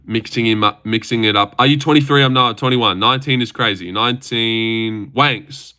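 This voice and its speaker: A man's voice: mid-range voice, normal speed, bright, forceful tone, clean tone. A young man hosting a livestream who chats loosely and crudely, swearing, answering chat and stumbling over his words. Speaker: livestream host reacting to fights.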